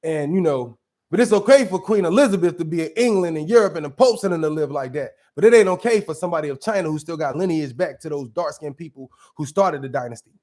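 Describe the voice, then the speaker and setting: Blunt, profane man reacting, high voice. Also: animated, fast talker, darkish tone. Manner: blunt, profane, argumentative, restarts mid-thought. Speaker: commentary show host. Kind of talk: casual reaction commentary.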